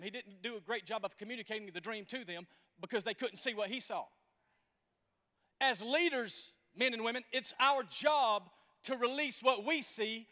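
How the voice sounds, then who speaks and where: A pastor in his forties preaches with an animated, folksy storytelling manner. His voice sits very high for a man, and it echoes through a church sanctuary with a long reverb. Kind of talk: sermon.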